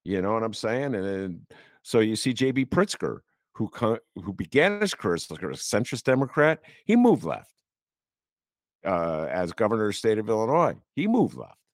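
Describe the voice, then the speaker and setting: A male podcast host in casual political talk, getting animated and excited as he goes. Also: fairly low pitch, brisk, no room sound, studio quality. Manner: animated, gets excited and laughs.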